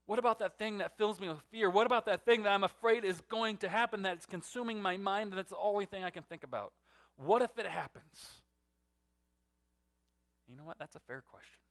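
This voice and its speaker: A man preaching a sermon as pastor, telling a story and swinging between loud emphatic lines and hushed, soft ones. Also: high voice, fairly quick, long pauses.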